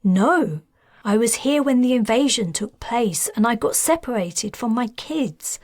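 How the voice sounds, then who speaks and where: Lady doing a worried mom, halting and unsure, slow, dry sound. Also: on the high side, expressive, a little mellow, no echo. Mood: wary. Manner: hesitant, halting. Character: anxious young mother searching for her kids.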